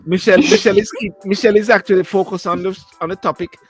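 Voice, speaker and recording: A man's voice: high voice, fairly even intonation, fast, soft background music. A Jamaican man joking on a talk show panel, stumbling over his starts and laughing. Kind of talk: joking casual chat.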